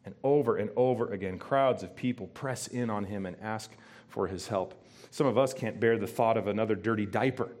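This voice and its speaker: A man preaching a sermon as pastor to his congregation, emphatic and animated, often asking them questions. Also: lowish voice, fairly quick. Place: church before a congregation.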